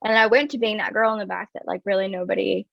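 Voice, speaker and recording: Speaking fast with vocal fry, this mid-range female voice holds a steady tone. She's a wellness coach being interviewed, sharing her own story in an earnest, reflective way, with "like" sprinkled heavily throughout. The audio sounds dry and a bit dull.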